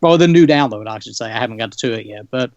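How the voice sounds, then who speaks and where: A man's voice: mid-range voice, expressive, fast talker, darkish tone, dry recording. Laid-back male podcast guest, dull lo-fi line. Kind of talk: casual gaming podcast chat.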